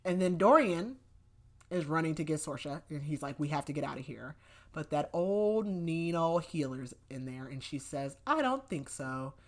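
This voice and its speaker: A young woman with a notably low voice hosts a podcast, breezily summarizing a novel. She talks casually, leans on "like" and "whatever", and slips into quick, loose versions of what the characters said. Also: lively intonation. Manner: chatty, many "like" fillers, acts out quotes loosely. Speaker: podcast host. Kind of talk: casual book recap.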